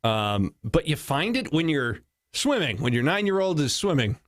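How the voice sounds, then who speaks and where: A man's voice: a little high, big pitch swings, moderate pace. A male talk show host reading out news stories and joking about them with a wry, laughing delivery. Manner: wry, laughing, slips into mock voices. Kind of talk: solo comedic news commentary.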